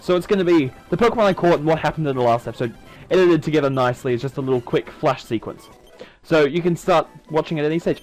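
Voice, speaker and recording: Chatty, animated gaming commentator, male. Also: a little high, rough recording. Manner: chatty, self-mocking, animated. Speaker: gaming YouTuber. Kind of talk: let's-play commentary.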